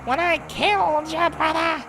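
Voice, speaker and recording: A shrill villainous movie judge. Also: male voice, fairly even intonation, measured pace. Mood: menacing. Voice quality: shrill, screeching high voice. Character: villainous cartoon-film judge, male, shrill and menacing.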